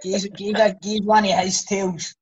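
A man hosting a podcast, asking relaxed questions and swearing casually. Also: high voice, normal speed, dull audio. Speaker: podcast host. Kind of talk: casual chat.

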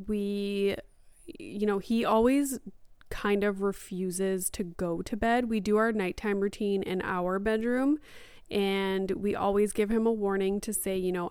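A woman's voice: mid-range voice, clean tone, no echo, studio quality. A young woman and mother casually telling a parenting story on a podcast in a chatty, upbeat way. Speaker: podcast host sharing parenting experience. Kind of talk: casual chat.

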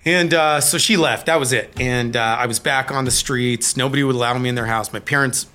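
Middle-aged man from Colorado, interview guest; bright, pushing tone, candid, halting delivery. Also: medium pitch, fairly even intonation. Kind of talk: personal recovery story in an interview.

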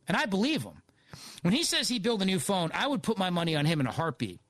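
A man's voice: high voice, very animated, fast, fairly bright tone, no echo. A man guest-hosting a talk radio show, giving a sarcastic, digressive opinion monologue into a studio mic.

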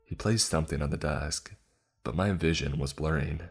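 A man narrating a scripted first-person horror story in a low, steady, grim manner. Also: normal speed, slightly rough. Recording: faint music bed. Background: faint music.

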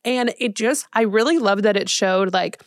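A woman's voice: mid-range voice, normal speed, no room sound, clean studio sound. A young woman in her twenties co-hosting a podcast, chatting casually and gushing with lots of "like". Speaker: podcast co-host. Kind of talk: casual chat.

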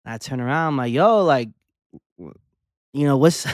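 A young adult man co-hosting a podcast, telling a story in a casual, animated way, acting out the dialogue and swearing. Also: medium pitch, a little fast, pauses often, no echo, clean studio sound. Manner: animated storyteller, acts out dialogue, curses, says "like" a lot. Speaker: podcast co-host.

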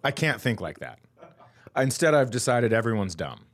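A man's voice: medium pitch, big pitch swings, moderate pace. Profane indignant comic storyteller man. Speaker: podcast host. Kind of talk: comedic storytelling chat.

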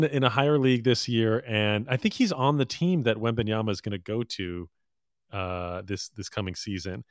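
Male co-host, slightly low pitch, dry booth sound, relaxed and opinionated. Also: normal speed, dry recording. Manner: easygoing, opinionated, with fillers. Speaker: podcast co-host. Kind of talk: casual basketball chat.

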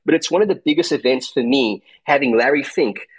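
A man with a South African accent talks through his market view with steady emphasis, checking in with "okay?" and "right?". His voice is husky and sits at an ordinary middle pitch. He speaks in a loose, conversational way, as in an online audio room. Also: brisk, poor audio. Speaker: crypto trader and guest speaker.

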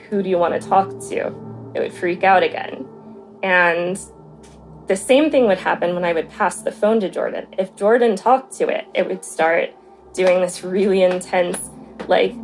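A young adult woman casually recounting a personal story as a podcast guest, talking in a chatty way full of fillers. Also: lowish voice. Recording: faint background noise.

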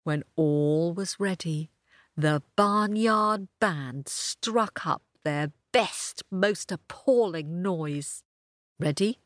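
A woman storyteller narrating a children's tale in an expressive, sing-song manner. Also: lowish voice, very slow, no room sound, clean studio sound. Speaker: storyteller host.

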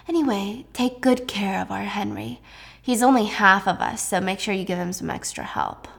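A woman's voice: mid-range voice, big pitch swings, normal speed, vocal fry, a bit bright. A woman voicing a haughty rich heiress who talks down to people in a dismissive, condescending way.

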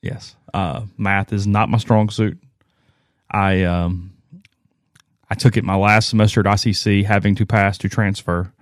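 A man's voice: lowish voice, little pitch movement, unhurried, no echo, studio quality. A man co-hosting a sports podcast in casual chat, rambling and self-deprecating as he tells stories.

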